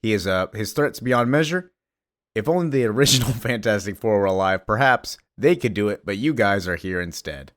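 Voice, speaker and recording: A man's voice: lowish voice, lively intonation, a little fast, fairly bright tone. A man casually voicing a grave male cosmic herald, dismissive of the heroes he addresses.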